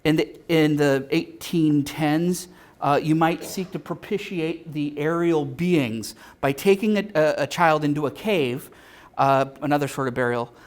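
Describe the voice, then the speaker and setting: A convention speaker with a voice on the high side gives a live lecture. He often halts with filler sounds and restarts, tossing in dry, joking asides.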